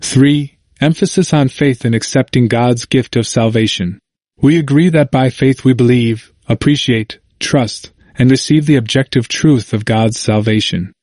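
A man reads a church committee report in a formal, measured way, naming each numbered point before going on. His voice sits at an ordinary middle pitch. It is recorded dry and close, with no room sound around it. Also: a little mellow, no echo. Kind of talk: formal scripted reading.

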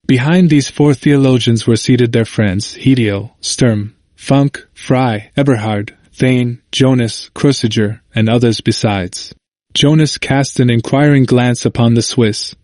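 A man reading a history book aloud in steady, measured scripted narration, lifting his voice for quoted speeches. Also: mid-range voice, no room sound. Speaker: audiobook reader.

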